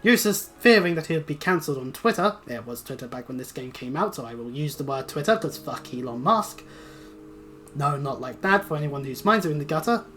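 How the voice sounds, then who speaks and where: A woman's voice: sits low, animated, fairly quick, fairly bright tone, a little hiss or hum. A woman giving casual commentary over her gameplay, full of joking, sarcastic asides. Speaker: let's play host.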